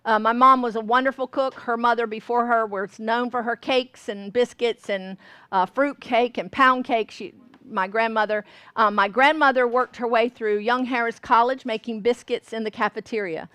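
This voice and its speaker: A woman's voice: on the high side, steady tone, normal speed, fairly bright tone, clean tone, dry recording. A woman from Georgia, teaching a baking class in a folksy way and often checking that listeners follow. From Georgia, US South. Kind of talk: cooking class demonstration. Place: store classroom.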